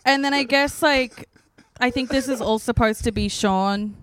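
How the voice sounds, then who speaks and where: Young female co-host, casual and profane, laughs often; higher voice, dry recording. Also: unhurried, fairly bright tone, dry recording. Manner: laughing, profane, reads aloud. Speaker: podcast co-host. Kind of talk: casual chat.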